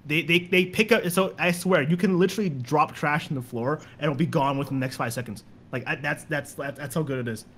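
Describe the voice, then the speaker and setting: A man's voice: fairly high pitch, brisk, few pauses, a bit bright. A young man telling stories in a casual podcast chat, rambling and repeating words as he goes. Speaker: guest.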